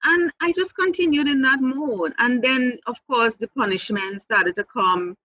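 Female interview guest, earnest personal testimony, stop-start delivery, husky edge. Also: fairly high pitch, a little slow, bright, forceful tone, highs cut off. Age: adult mother. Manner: earnest, repeats words, restarts, laughs lightly.

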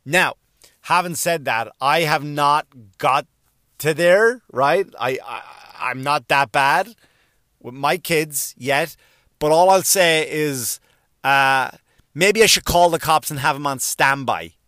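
A fairly high-voiced man rants in exasperated comedic style, swearing freely and tripping over his words as he repeats himself. The sound is dry and close, with no room around it. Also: slow, bright, forceful tone, no room sound. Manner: profane, exasperated storytelling. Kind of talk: comedic rant.

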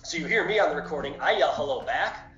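Guy rattling off ghost hunt stories quick, roomy dull podcast sound, music under it. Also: on the high side. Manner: animated, fast, many fillers. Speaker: guest, paranormal society owner. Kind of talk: casual storytelling interview.

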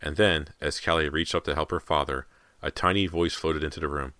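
A man narrating a horror audiobook in a measured storytelling manner. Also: rumbling low, fairly even intonation, bright, forceful tone, dry recording, clean studio sound.

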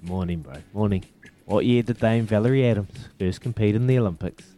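A man's voice: lowish voice, fairly quick, warm tone, faint music behind. A man hosting a radio phone-in quiz, bantering matily with callers. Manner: upbeat, matey banter with callers. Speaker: radio breakfast host.

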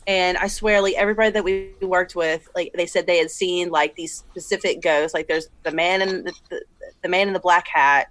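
A woman's voice: on the low side, fairly even intonation, normal speed, fairly bright tone, no room sound. A woman who has worked in hospitals, chatting animatedly with some hesitant restarts. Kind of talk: casual chat.

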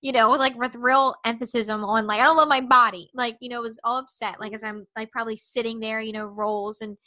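A woman's voice: fairly high pitch, little pitch movement, fairly quick, sharp tone, no echo. A woman in her thirties, a podcast guest, telling a personal story in a candid, earnest way and acting out the conversations she remembers.

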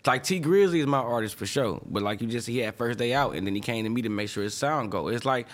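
A young man who produces music, speaking in a loose, heartfelt, slang-heavy flow during an interview. His voice sits at an ordinary middle pitch, and he circles back on himself with repeated fillers as he works through his thoughts. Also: animated, quick pace. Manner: rambling, emotional, peppers speech with slang fillers. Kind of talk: casual interview talk.

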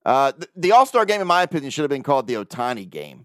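A man's voice: fairly high pitch, very animated, fast talker, hardly any pauses, a bit bright, faint music behind. A man hosting his own sports podcast, talking casually and ranting with plenty of swearing and laughter. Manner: profane, ranting, laughs often. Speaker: podcast host. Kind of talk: casual solo sports talk.

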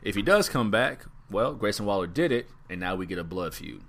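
A man's voice: on the low side, animated, fairly quick, gravelly, a bit bright, slight background noise. A man co-hosting a casual podcast, musing in a laid-back way and trailing off with ums. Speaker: podcast co-host. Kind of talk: casual wrestling podcast chat.

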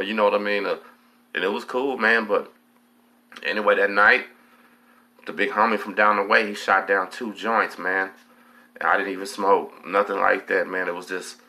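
Deep, bright-toned Texas man telling stories. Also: fairly even intonation, a little fast. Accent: Southern US, Texas. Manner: streetwise slang, profane, fills lines with "man". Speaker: host, storyteller. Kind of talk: casual storytelling monologue.

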